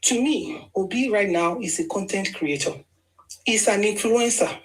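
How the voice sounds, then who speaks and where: A Nigerian woman delivers forceful political commentary, pressing her points and circling back to repeat them. Her pitch sits in a middle range for a woman, and she argues with steady insistence. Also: a little slow, low-quality recording. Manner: emphatic, argumentative, repeats phrases for stress.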